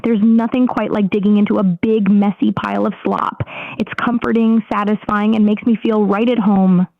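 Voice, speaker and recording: A woman's voice: mid-range voice, fairly even intonation, normal speed, creaky, no echo, narrow, tinny audio, natural voice. A synthetic woman's voice playing a cheerful AI assistant who role-plays as a pig, polite and eager to please with formal phrasing.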